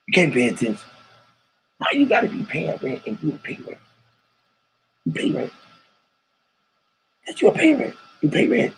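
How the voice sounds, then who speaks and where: On a low-quality recording with slight background noise, a fairly high-pitched man runs a live stream. His talk is rambling, slang-heavy and profane, full of rhetorical questions, and he welcomes callers who hop into the voice chat.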